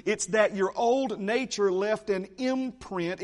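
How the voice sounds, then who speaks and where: Emphatic preaching man, slightly high voice. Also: slow, few pauses. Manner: emphatic, repeats key phrases, asides to the congregation. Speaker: pastor. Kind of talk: sermon.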